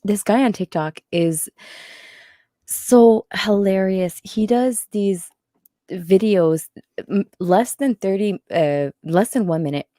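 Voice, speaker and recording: A woman's voice: mid-range voice, slow pace, mellow, no echo, studio quality. A woman co-hosting a casual livestream, giggly and enthusiastic.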